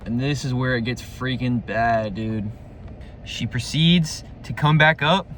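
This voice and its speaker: A man's voice: mid-range voice, a little slow, a bit bright, slight background noise. Slangy man rambling through a storytime. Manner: rambling and slangy, full of "dude", "like" and swearing. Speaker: vlogger telling a personal story. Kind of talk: casual storytime monologue.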